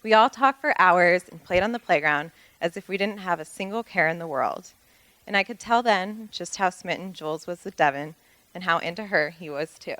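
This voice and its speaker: A woman's voice: lowish voice, fairly bright tone, no echo, low-quality recording. A woman reading a prepared, fond wedding toast about a long friendship, with light laughs between phrases.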